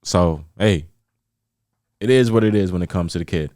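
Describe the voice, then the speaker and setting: A man from New York hosting a podcast, venting about sports in a rambling, animated way with many repeats. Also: low-pitched, normal speed, no echo, studio quality. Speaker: podcast host. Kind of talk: casual solo podcast chat.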